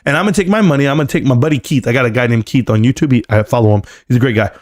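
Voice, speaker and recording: A man's voice: medium pitch, racing. A man hosting a live stream, standing at his desk, joking and rambling in casual chat and calling everyone "bro". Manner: standing at a desk while talking.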